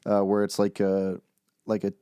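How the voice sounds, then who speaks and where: A man co-hosting a podcast in casual chat, halting and repeating words, quick to laugh. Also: on the low side, completely flat delivery, mellow, clean tone, dry recording, clean studio sound. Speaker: podcast co-host.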